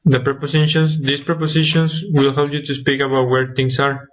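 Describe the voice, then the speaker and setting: A man's voice: medium pitch, flat delivery, moderate pace. A young man presenting a grammar lesson from slides as a student, listing examples one by one. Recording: dull lo-fi recording.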